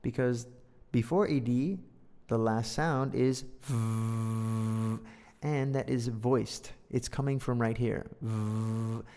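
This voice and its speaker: A man teaching an English lesson, reading a storybook aloud and joking around between explanations. He speaks slowly in a gravelly voice. A long hall reverb trails after his words. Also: medium pitch, steady tone, dark tone. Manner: playful, jokey asides.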